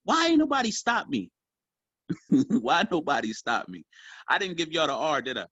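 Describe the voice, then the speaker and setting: A man coaching a group on sales, talking in a casual, animated way and calling them y'all. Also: a little high, moderate pace, no room sound, muffled recording. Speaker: sales trainer. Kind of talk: motivational training talk.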